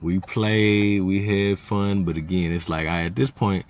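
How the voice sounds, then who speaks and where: A man talks through family stories on his podcast. His voice sits on the low side, and his easygoing chat rises into emphatic, heated stretches when something frustrates him. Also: steady tone, a little slow. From Little Rock, Arkansas. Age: 30s. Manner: loose and conversational, turns heated and emphatic when recounting frustrations. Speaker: podcast host. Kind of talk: casual storytelling monologue.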